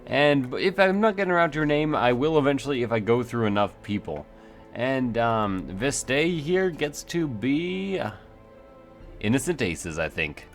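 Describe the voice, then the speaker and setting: A man's voice: mid-range voice, expressive, a little slow, faint music behind. A man hosting a let's play, thinking aloud in a rambling, self-mocking way with many fillers. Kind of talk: casual gameplay commentary.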